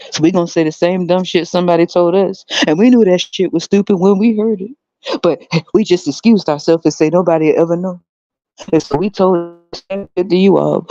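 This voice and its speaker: A woman's voice: on the low side, dark tone, dry recording. A woman in her thirties hosts her own podcast in casual solo commentary. She talks bluntly and profanely, mocking others with a laugh. The sound is dry and somewhat dull. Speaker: podcast host.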